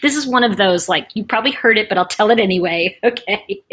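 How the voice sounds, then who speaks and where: A woman's voice: medium pitch, lively intonation, fast, a bit bright, slight background noise. A woman hosting a casual livestream, who chats with lots of fillers and laughs often while telling stories. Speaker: livestream host.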